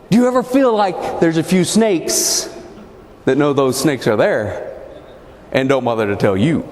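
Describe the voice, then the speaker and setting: A man gives a humorous motivational keynote with punchy comic timing. His fairly high voice swoops up and down as he tells the story. He is heard in a large, echoey hall with faint room noise. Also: expressive, a little slow, darkish tone. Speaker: keynote speaker.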